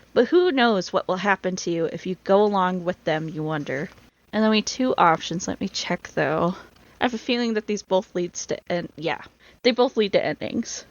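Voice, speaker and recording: A woman co-hosting a podcast, reading an adventure book aloud and often bursting into laughter. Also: medium pitch. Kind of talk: casual read-aloud of an adventure story. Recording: dull lo-fi sound.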